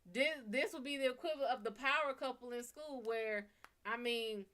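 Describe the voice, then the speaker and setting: A young woman with a Bayou accent, talking in a blunt, profane, animated way on a casual live stream. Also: normal speed. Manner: blunt, animated and profane, swinging from loud to low. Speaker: live stream reader and host.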